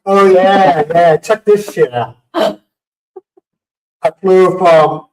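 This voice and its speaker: A man hosting a casual livestream who tells stories in a lively way and acts out what people said. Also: high voice, extremely slow. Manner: animated storyteller acting out quotes. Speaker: livestream host. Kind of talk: casual storytelling chat. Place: home livestream setup. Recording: roomy sound from a distant mic.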